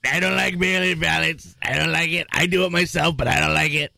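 Picture a boastful, blustering older politician who keeps repeating his complaint in short, emphatic bursts, as a man puts him on in a chat. The voice is pushed a bit higher than the man's own and sits in a dry, close space. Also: fairly even intonation, a little fast, gravelly, bright, forceful tone, no room sound, heavily acted. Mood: mocking.

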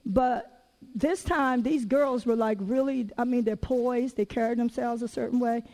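A woman preaching a sermon, telling personal stories in a lively, conversational and casual way. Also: on the high side, measured pace, rough recording. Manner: casual everyday phrasing.

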